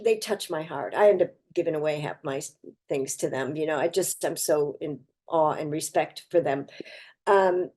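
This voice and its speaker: An older actress talking as an interview guest, effusive and heartfelt, chatty with frequent restarts. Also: female voice, mid-range voice, mellow. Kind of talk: casual interview chat.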